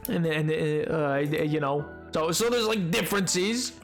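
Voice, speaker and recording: A man's voice: on the high side, moderate pace, faint music behind. A young adult man chatting casually on a gameplay stream, rambling and playful, often stumbling over his words.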